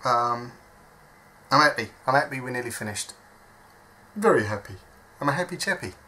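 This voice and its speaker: An animated, slightly fast man with a sharp, medium-pitched voice narrates his soldering work, a faint hiss or hum underneath. The hobby electronics modder keeps it casual and step-by-step at an indoor bench, thinking aloud with self-deprecating chatter.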